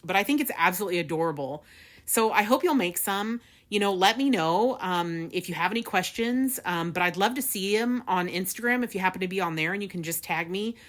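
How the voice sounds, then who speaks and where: A woman's voice: medium pitch, animated, brisk, a bit bright. A woman hosting a casual paper craft tutorial, chatty, with frequent laughs and fillers. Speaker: craft video host.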